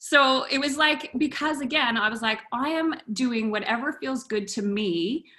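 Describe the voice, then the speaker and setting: A woman and wellness coach, telling a story in a casual interview, animated and acting out her dialogue with frequent laughs. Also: sits high, normal speed.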